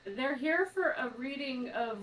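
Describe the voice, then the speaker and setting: A woman co-hosting a charity podcast livestream, giggly and excitable with quick jokey asides. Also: high voice. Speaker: podcast co-host on a charity stream. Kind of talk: casual livestream chat.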